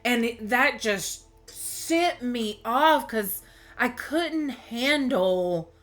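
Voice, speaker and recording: A woman's voice: a little high, lively intonation, drawn-out words, a bit bright, faint music behind. A woman tarot reader talking candidly to her viewers in a rambling, emotional way, often restarting her sentences. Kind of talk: candid personal storytelling to viewers.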